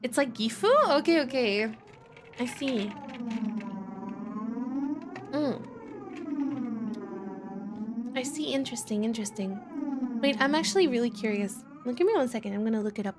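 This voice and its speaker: A young woman streaming a visual novel and chatting live with her viewers, animated, with frequent gasps and laughs. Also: fairly high pitch, normal speed, pauses often, background noise. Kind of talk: casual live-stream chat.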